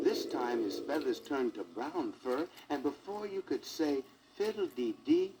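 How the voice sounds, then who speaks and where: A man's voice: mid-range voice, animated, measured pace, loud music behind the voice. A man narrating a children's storybook record, with jokey asides to the listener, on a crackly 1960s vinyl record.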